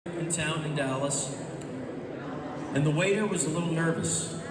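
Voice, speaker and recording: A man's voice: a little high, unhurried. A man, a comedian guest, telling a rambling, hesitant stand-up style story on a talk show. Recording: distant roomy clip, background noise.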